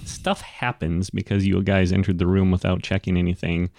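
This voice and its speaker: Guy running a tabletop game, lowish voice, rambly, dry close mic. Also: normal speed, vocal fry, no room sound. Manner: relaxed and rambling, many ums and restarts. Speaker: game master.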